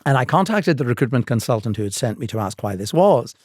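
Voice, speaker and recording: An older man from Northern Ireland with a Northern Irish accent, telling stories in a measured, articulate way with dry humor as a guest in a podcast interview. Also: mid-range voice, very animated, a little mellow, dry recording.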